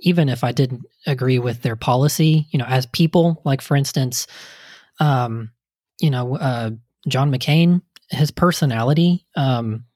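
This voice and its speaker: A man's voice: mid-range voice, unhurried, darkish tone, no echo, studio quality. A man in casual political chat, speaking hesitantly with frequent "you know" and "um.".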